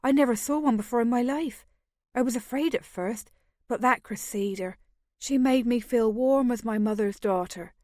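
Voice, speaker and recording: A woman's voice: fairly high pitch, normal speed, dark tone, dry recording, clean studio sound, lightly acted. A woman doing a West Country maid. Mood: eager. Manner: deferential, homely. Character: young maid, deferential but sturdy. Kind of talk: audiobook character voice.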